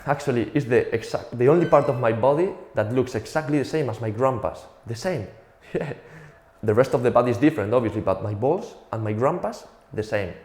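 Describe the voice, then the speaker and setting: A man's voice: medium pitch, expressive, brisk, a little mellow, echoey room. A young man from Spain with a Spanish accent, telling a profane, self-mocking stand-up comedy routine.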